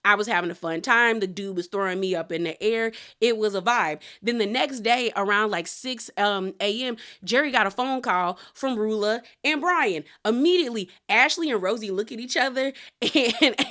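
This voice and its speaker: A woman's voice: fairly high pitch, normal speed, few pauses, a bit bright. A woman casually recapping a reality show episode, animatedly retelling who said what and laughing often.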